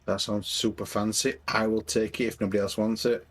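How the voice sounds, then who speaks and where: A man's voice: fairly low pitch, level tone, a little fast, fairly bright tone. A man playing a tabletop game over a voice call, bantering casually with his group. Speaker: player.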